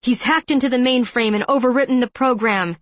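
A woman's voice: fairly high pitch, brisk, no echo, close to an everyday voice. A woman playing a snarling male commander, villain, barking orders, dry.

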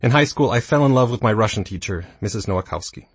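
Casting note: man in his thirties, low, husky voice, dry self-deprecating audiobook read, close and dry mic. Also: animated, fast, no room sound. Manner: dry, self-mocking humor. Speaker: audiobook narrator. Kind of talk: scripted nonfiction narration.

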